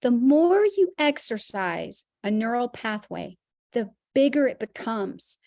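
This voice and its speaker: A woman's voice: fairly high pitch, big pitch swings, slow pace, gravelly, mellow, dry recording, clean studio sound. A woman teaching a Christian health class, earnest and emphatic, using vivid everyday examples.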